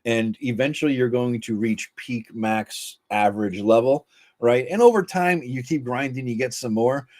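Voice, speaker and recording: A man hosting his channel, talking in a fast, rambling way and swearing casually. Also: medium pitch, a little mellow. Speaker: channel host. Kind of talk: casual chat.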